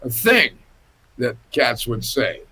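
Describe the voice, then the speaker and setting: An older man telling a lively, laughing anecdote as a guest musician on a casual panel, talking over a video call from home. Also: medium pitch, slow pace, slightly rough, low-quality recording. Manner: animated, laughing anecdote teller.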